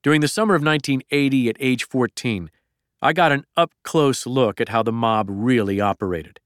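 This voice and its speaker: A middle-aged man reads a memoir aloud in a plain, measured way. His voice is smooth and clear at a mid pitch, recorded dry and close with no room sound. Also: dry recording. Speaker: narrator. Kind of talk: memoir audiobook narration.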